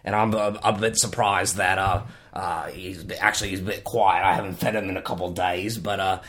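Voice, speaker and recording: A man playing a rambling wrangler of mythical creatures in an improvised comedy interview, halting with many fillers and calling people "mate". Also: low voice, fairly even intonation, fairly bright tone, slightly rough.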